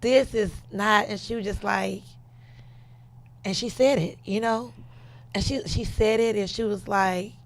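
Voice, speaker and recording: A woman's voice: mid-range voice, steady tone, a little slow, pauses often. A woman hosting a podcast, talking casually and emphatically, repeating phrases for effect. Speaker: podcast host.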